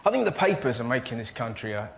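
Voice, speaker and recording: A man, a comedy panelist telling animated stand-up style anecdotes and slipping into voices. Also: mid-range voice, quick pace, gravelly. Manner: animated storytelling, bursts into voices. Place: TV studio with audience. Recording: noisy studio with audience laughter.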